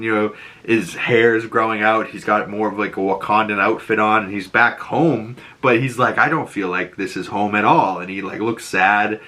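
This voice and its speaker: Bright-voiced man recapping a show. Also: on the low side. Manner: rambling, animated retelling with filler words. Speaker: YouTube reviewer. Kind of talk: casual episode recap.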